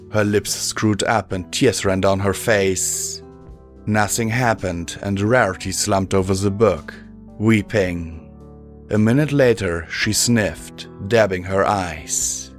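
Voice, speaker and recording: A low-pitched man narrating a fan-fiction audiobook. He reads in measured, steady tones, with faint music underneath. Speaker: audiobook reader.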